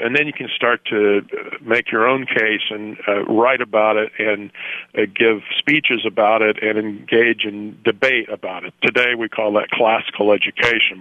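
A man's voice: mid-range voice, no room sound. A man from Florida, a guest in a theological radio discussion, speaking emphatically and laughing readily. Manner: emphatic, animated, quick to laugh. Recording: tinny phone line, dry.

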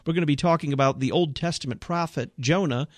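A man hosting a radio talk show, thanking a guest and announcing upcoming segments in a brisk, friendly way. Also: a little high, dry recording.

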